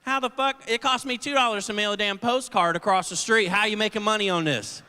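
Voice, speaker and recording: A man's voice: sits high, brisk, sharp tone, smooth. A male stand-up comedian telling loose, profane stories on a theater stage, acting out the voices of people in them. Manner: loose, swearing, acts out voices in his stories. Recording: live theater with long reverb.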